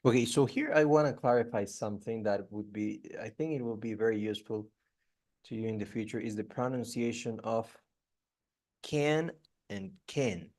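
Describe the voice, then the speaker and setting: A man's voice: on the low side, normal speed, a little mellow, no echo. A man giving a one-on-one English pronunciation lesson, explaining patiently and repeating example words, with frequent restarts. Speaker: English tutor.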